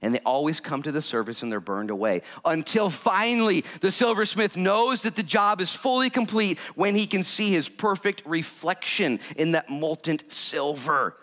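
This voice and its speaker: A man preaching a lively sermon as pastor, jokey and animated, with sudden loud bursts. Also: on the high side, normal speed, hardly any pauses.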